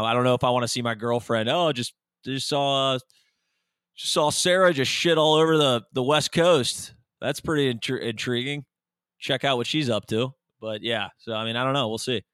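A man's voice: medium pitch, pushed and bright, no room sound, studio quality. A young man co-hosting a podcast, rambling through jokes in casual chat with lots of fillers. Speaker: podcast co-host.

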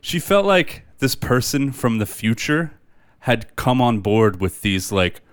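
A man's voice: medium pitch, very animated, unhurried, smooth, no echo, clean studio sound. A man co-hosting a film podcast in a loose, rambling casual chat, laughing often as he talks over a beer. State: drinking beer. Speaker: podcast co-host.

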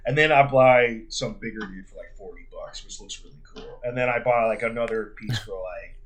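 A man's voice: fairly low pitch, fairly quick, fairly bright tone. A man in casual conversation, curious and asking questions, laughing often. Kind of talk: casual chat.

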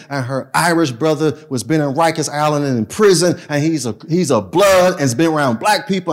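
Animated New pastor telling stories. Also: male voice, fairly high pitch. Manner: animated, street-casual storytelling with sudden loud and soft swings. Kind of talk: storytelling talk.

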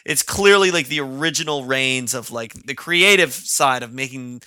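A man's voice: medium pitch, normal speed, smooth, dry recording, studio quality. A man hosting a casual podcast, chatting with frequent fillers and laughs. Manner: animated, laughs often, many fillers. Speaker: podcast host.

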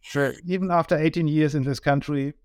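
A middle-aged man with a German accent, a business owner talking as a guest in a casual interview, halting and repeating words with many ums. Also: on the high side, fairly even intonation, a little mellow, clear, resonant tone, no echo, studio quality.

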